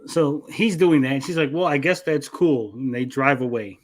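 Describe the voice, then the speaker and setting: A man co-hosts a casual anime podcast and retells episodes with lively energy. He swears freely and breaks into quick acted-out quotes. His voice sits at an ordinary middle pitch. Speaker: anime review podcast co-host. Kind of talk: casual chat.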